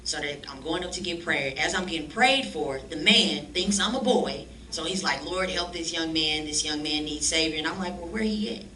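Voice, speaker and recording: A woman telling her life story as a church guest, animated and slangy, acting out the voices of people she quotes. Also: low voice, normal speed, few pauses. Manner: animated, acts out quoted dialogue in slangy speech. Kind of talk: lively storytelling testimony. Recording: echoey room, distant mic, faint noise.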